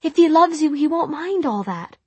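A woman's voice: medium pitch, lively intonation, moderate pace, slightly rough, no echo. A woman narrator voicing a young Victorian housemaid who speaks plainly and cries, her voice cracking. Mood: tearful, high. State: crying.

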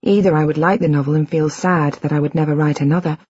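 A woman reading a first-person audiobook in a measured, reflective, quietly intimate way. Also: low voice, fairly even intonation, breathy edge, no echo, lo-fi sound. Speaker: audiobook narrator.

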